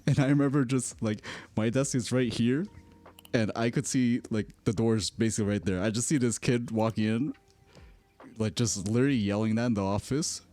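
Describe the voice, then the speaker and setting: A man's voice: medium pitch, moderate pace, a little mellow, no echo, faint music behind. A man streaming in casual chat, telling rambling stories and laughing often. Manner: rambling, self-correcting storyteller.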